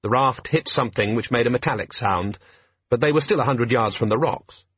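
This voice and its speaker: A man's voice: mid-range voice, a little fast, husky, dry recording, dull audio. A man reading an audiobook aloud with dry, wry storytelling. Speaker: audiobook narrator. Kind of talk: audiobook narration.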